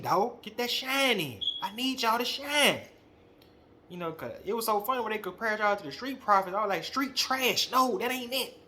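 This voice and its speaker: A young man hosting a wrestling podcast, ranting in a casual, slangy, animated way and calling people out directly. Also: high voice. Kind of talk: casual opinion monologue.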